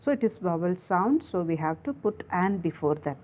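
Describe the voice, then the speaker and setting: A woman teaching an English grammar lesson online, explaining slowly and repeating herself with many fillers. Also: lowish voice, lively intonation. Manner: slow, repetitive explaining with many fillers and restarts. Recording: phone-like narrow sound.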